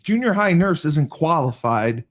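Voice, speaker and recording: Man chiming in, lively pitch. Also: a little slow. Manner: interjecting, supportive. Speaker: podcast co-host. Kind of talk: casual chat.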